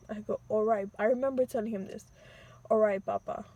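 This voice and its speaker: A young woman casually telling a personal story with slang, sometimes re-enacting pleas in a high, teary voice. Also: fairly even intonation, a little fast, mellow, slightly rough.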